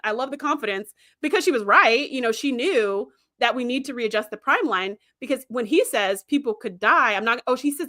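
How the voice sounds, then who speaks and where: A woman hosting a livestream, chatting about a TV series in an animated, casual way and laughing often. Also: on the high side, brisk, hardly any pauses. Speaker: livestream host. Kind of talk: casual fan commentary.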